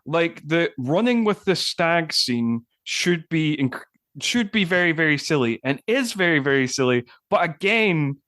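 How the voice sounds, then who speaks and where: A man's voice: a little high, lively intonation, a little slow, a bit bright, dry recording, clean studio sound. A man co-hosting a film podcast, talking casually with enthusiasm, frequent hesitations and laughs. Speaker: podcast co-host.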